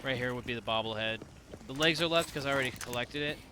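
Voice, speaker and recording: A man's voice: medium pitch, fast, background noise. Profane rambling male gaming streamer. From Indiana. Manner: rambling, profane, talks to viewers. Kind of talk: casual let's-play commentary.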